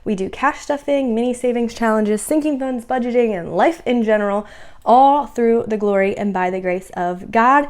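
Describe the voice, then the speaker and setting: A woman's voice: a little high, moderate pace, a little mellow. A woman hosting her own budgeting vlog in a casual, upbeat, chatty way, sounding a little winded and out of breath. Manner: upbeat and chatty, with frequent "um" fillers. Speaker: budgeting channel host.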